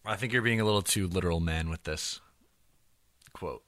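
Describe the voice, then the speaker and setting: A man's voice: low voice, normal speed, a bit bright. A man hosting a casual sports podcast, laid-back and teasing, leading the segments. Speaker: podcast host.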